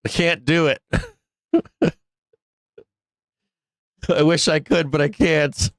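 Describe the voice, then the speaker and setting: Middle-aged male stream host, slightly high voice, profane and sarcastic, dry close mic. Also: little pitch movement, normal speed, a bit bright, no echo. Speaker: live trading stream host. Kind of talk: casual live-stream rant.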